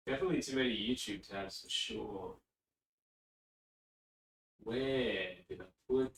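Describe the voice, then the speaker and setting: A man's voice: mid-range voice, creaky, fairly bright tone. A chatty man from England on a live stream, drifting between topics and wandering from his point. His voice sits back from the mic and rings around a bare, roomy space. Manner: rambling, easily distracted, chatty. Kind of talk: casual chat. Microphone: desk mic, often spoken from a distance. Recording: roomy echo, distant from mic.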